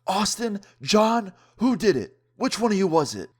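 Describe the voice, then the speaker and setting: A man's voice: high-pitched, big pitch swings, unhurried, slightly rough, voice pushed up, exaggerated voice. A man voicing a stern adult woman schoolteacher who gives clipped, scolding orders.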